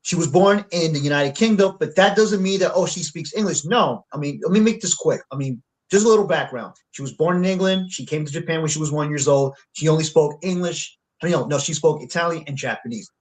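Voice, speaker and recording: A man's voice: fairly high pitch, fairly quick, hardly any pauses, poor audio. A man co-hosting a casual panel chat who rambles, filling his talk with "like" and restarts. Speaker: co-host.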